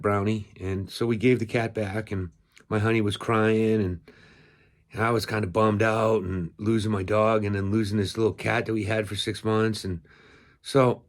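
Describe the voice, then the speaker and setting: A man with a somewhat low voice tells a long, meandering story in a folksy, offhand way. He keeps circling back with fillers and restarts as he talks outdoors on his rural land. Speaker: cat owner vlogger. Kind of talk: casual storytelling.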